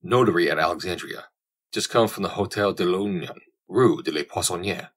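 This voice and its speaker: A shifty older notary speaks with smooth, ingratiating politeness that hides his aims, in a storybook reading. The voice sits low and husky, a man putting him on. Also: a little fast. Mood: sly. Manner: evasive, ingratiating. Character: sly older foreign male notary, shifty.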